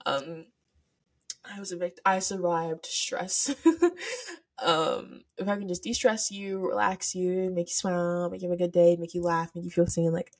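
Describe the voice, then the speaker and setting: A fairly low-pitched female voice at normal speed belongs to a teenage podcast host recording through a camera setup for filming. Alone on the mic, she's giggly and gushing, rambles with many fillers, and is emotional to the point of near tears.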